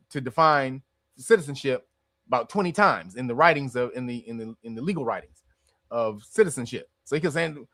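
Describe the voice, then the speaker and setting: A man with a high voice rants through casual livestream commentary, full of profanity and quick laughs. He is recorded close to the mic in a dry space with no echo. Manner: animated, profane, laughs often. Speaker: livestream host.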